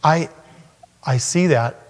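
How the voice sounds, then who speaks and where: Pastor guy preaching, gets loud and high when he acts out scripture, big echoey hall. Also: takes it slowly. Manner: earnest, animated preaching that rises sharply when acting out scripture. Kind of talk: sermon. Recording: long hall reverb.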